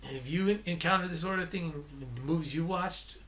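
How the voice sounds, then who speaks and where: A man's voice: fairly quick, fairly bright tone. A man giving a casual, rambling movie review, exasperated, with restarts and self-corrections. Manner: mocking quotes in a shrill put-on voice. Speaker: movie vlogger.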